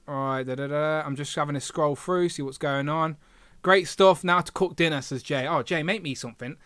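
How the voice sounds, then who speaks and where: A man's voice: on the high side, fairly quick, fairly bright tone, dry recording. A man hosting a casual livestream, chatting and reading viewer comments aloud with filler hums. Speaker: livestream host.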